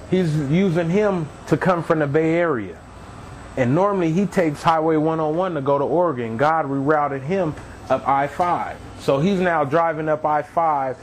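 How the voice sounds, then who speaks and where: A man's voice: fairly high pitch, a little hiss or hum, poor audio. Man giving an earnest testimony. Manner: earnest, animated storytelling, acting out others' cries. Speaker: testimony speaker. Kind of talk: personal testimony.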